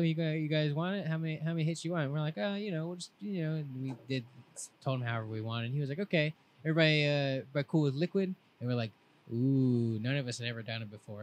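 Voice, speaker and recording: A man's voice: medium pitch, slight background noise. Laid-back young man telling a rambling story. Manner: laid-back rambling storyteller, quotes friends in lively voices. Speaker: podcast co-host. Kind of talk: casual storytelling chat.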